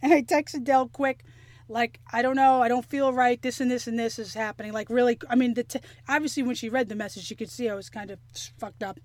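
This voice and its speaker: A woman telling a story in casual chat, animated and profane, acting out the things people said. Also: fairly high pitch, quick pace, dry recording. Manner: animated, profane, acts out quotes.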